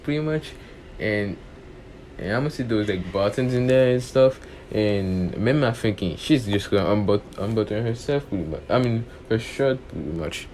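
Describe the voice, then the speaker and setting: A man's voice: on the low side, darkish tone. A young man casually retelling a fan story off the cuff, rambling, with many restarts and filler phrases. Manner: rambling, repeats "pretty much" and "and stuff", many restarts. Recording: faint background noise.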